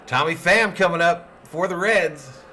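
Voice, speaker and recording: Speaking at a measured pace, a man with a fairly high pitch runs a fan watch party, narrating plays and bantering with his chat. The recording carries a little hiss or hum, and he's lively and playful, calling out chat names.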